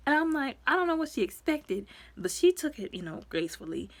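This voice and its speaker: A woman giving a casual, rambling recap of a movie as a reviewer. She talks in a lively, expressive way, full of asides and fillers. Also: fairly quick, no room sound. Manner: lively and expressive, with sudden jumps in pitch and loudness.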